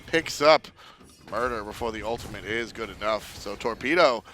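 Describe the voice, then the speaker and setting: A man giving analytical color commentary on a video game match, relaxed and quick to laugh. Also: fairly low pitch, slight background noise. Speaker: esports caster.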